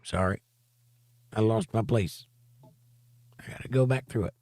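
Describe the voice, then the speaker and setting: A man's voice: fairly low pitch, measured pace, a little mellow, no room sound. A man teaching a Bible study, reading scripture aloud and breaking off for emphatic, rhetorical commentary. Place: home studio for a livestream.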